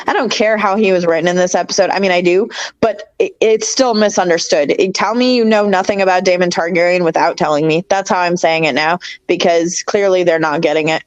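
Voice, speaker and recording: Eager, opinionated woman on a dull line. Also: medium pitch. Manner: eager, opinionated fan talk. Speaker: podcast co-host. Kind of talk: casual TV review chat.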